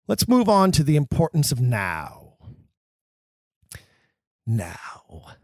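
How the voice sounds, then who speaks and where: A man with a voice pitched a little high talks emphatically and theatrically about stage verse, like a drama teacher. The sound is close and dry, with no room around it. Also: a little mellow, no room sound. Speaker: podcast host. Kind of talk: scripted lecture on acting Shakespeare.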